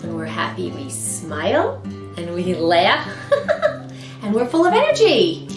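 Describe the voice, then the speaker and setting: A woman as a children's librarian, singing and talking to toddlers in an animated, sing-song way with exaggerated expressions. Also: fairly low pitch, a little slow. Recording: roomy sound with guitar music.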